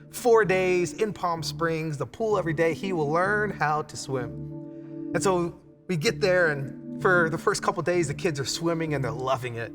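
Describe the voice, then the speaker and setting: A man in his thirties, a pastor, telling a family story in a conversational online church sermon with frequent restarts. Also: fairly high pitch. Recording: long hall reverb with music behind.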